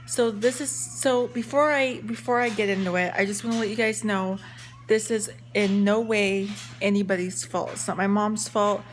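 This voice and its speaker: A young woman tells a story to her viewers in a chatty, rambling way, full of fillers and restarts. Her voice sits at a middle pitch, with a faint hiss behind it. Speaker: vlogger. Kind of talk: casual story time.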